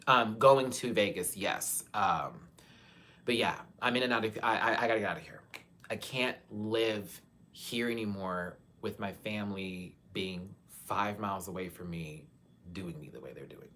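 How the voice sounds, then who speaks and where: A young man from Texas, hosting a live chat and talking frankly to his viewers, his voice swinging between soft and loud. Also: lowish voice, moderate pace. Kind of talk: candid live-stream talk to viewers.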